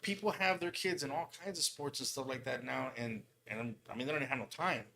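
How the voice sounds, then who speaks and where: A man's voice: mid-range voice, fast talker, vocal fry, pushed and bright. A man who installs car audio, chatting casually on a podcast with slang and plenty of swearing. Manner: laid-back, slangy, swears freely.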